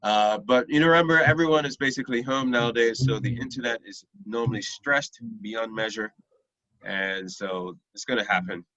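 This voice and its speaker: A young man teaches a math lesson online in a medium-pitched, bright, forceful voice at normal speed, with no room sound. He is patient and often checks that his students follow. His computer mic on the video call yields dull, lo-fi audio.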